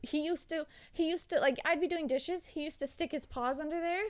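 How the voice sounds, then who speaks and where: Give me a young woman with a higher voice telling a story on a podcast, rambling and profane, recorded dry. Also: a little fast, no echo. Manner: rambling, profane, many "like" fillers. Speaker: podcast guest. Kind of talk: casual storytelling.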